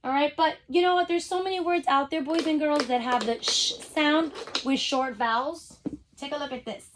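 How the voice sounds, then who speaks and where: A woman teacher giving a phonics lesson to young children over a video call, sounding out letters slowly and cheering them on. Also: sits high, noisy background. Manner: upbeat, encouraging, speaks straight to the kids.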